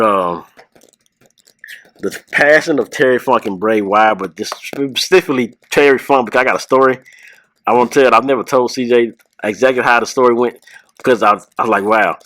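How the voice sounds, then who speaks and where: A man hosting a podcast, telling a rambling story with laughs and quick voice impressions. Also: fairly low pitch, fairly bright tone, no echo, rough recording. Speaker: podcast host.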